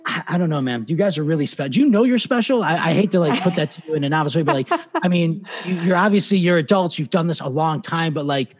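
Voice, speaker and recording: Middle-aged male host, casual and chatty, a touch higher-pitched than most men, animated storyteller. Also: fast, few pauses. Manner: chatty storyteller, acts out quoted voices. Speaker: podcast host. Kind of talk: casual interview chat.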